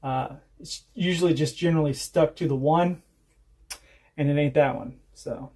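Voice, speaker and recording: A man's voice: on the high side, fairly even intonation, moderate pace, a little mellow. A man, telling rambling, profane stories while chatting on a casual homestead livestream. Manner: rambling, profane storytelling with laughs. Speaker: homestead vlogger.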